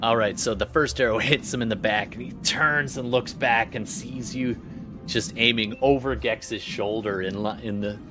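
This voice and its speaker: A man's voice: mid-range voice, normal speed, music in the background. A man narrating as game master of a tabletop game, descriptive with frequent restarts.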